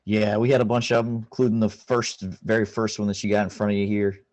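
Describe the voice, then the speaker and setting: Man, podcast co-host, fairly low voice, folksy, joking, casual drawl. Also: little pitch movement, a little fast, darkish tone, no echo, poor audio. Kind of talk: casual chat.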